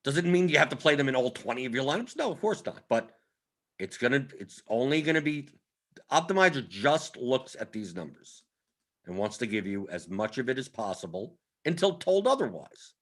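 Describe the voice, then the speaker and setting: A man hosting a fantasy sports strategy breakdown, talking animatedly with quick restarts and repeated words. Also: medium pitch, sing-song, a bit bright. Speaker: fantasy sports analyst host. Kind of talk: strategy breakdown over a screen share.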